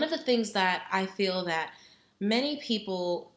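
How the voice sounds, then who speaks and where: A woman's voice: mid-range voice, lively intonation, a little slow, fairly bright tone. A woman hosting a web talk show, chatting to camera in an upbeat, encouraging way with casual asides. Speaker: host.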